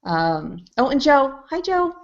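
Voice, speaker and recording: A woman's voice: high-pitched, sing-song, slow pace. A woman co-hosting a casual live-streamed show, laughing as she greets viewers by name. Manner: laughing, giving shout-outs to viewers. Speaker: podcast co-host. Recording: dull lo-fi stream audio.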